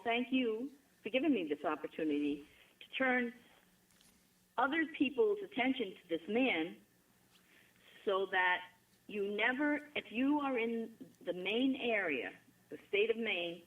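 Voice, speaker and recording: A woman's voice: fairly high pitch, animated, measured pace, narrow, tinny audio. A middle-aged woman from Rhode Island with a strong Rhode Island New England accent, chatty and emphatic, talking as an interview guest. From Rhode Island, USA. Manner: chatty, emphatic, laughs often. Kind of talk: conversational interview.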